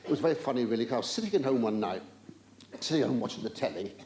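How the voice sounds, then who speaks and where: An older man doing live stand-up comedy in a large theatre, camp and rambling, with drawn-out exclamations and stammering asides. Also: mid-range voice, animated, a little mellow. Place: large theatre stage with an audience. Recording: roomy live theatre recording with audience noise.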